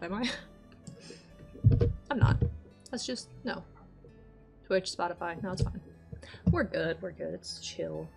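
A woman's voice: medium pitch, creaky. A woman streaming a game, chatting casually to herself and her viewers and getting exasperated now and then. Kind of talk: casual let's-play chat.

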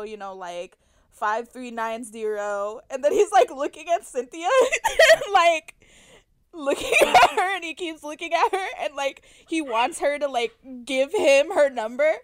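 Young woman cohost with a really high voice, teasing, dramatic storytelling. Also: dry recording, clean studio sound. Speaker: podcast co-host. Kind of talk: casual chat.

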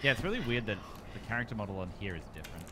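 A man chatting excitedly with friends while they game, often laughing mid-sentence. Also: lowish voice, racing, a little hiss or hum. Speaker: gaming friend. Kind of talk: casual chat while gaming.

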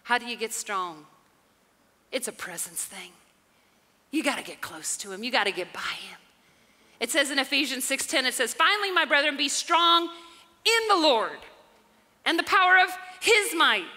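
A woman pastor, preaching a lively sermon that swings from soft talk to shouts, often laughing. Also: high voice, normal speed, pauses often. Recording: live church hall reverb with music.

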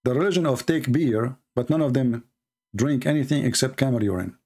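A man's voice: medium pitch, a little fast, a little mellow. A man giving mocking, polemical commentary as a religious debater, sarcastic and taunting.

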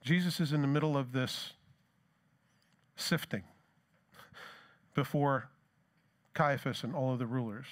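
A middle-aged male pastor delivers a sermon in an easy, conversational way. His voice sits in an ordinary middle pitch for a man. He keeps asking rhetorical questions and adds plain asides as he talks. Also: unhurried, pauses often.

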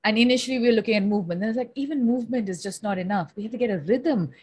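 A woman's voice: a little high, very fast, a little mellow, slight background noise. Chatty woman speech therapist hosting a call. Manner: chatty, agreeing, many fillers like "like" and "um". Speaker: speech therapist and webinar host. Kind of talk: conversational webinar interview.

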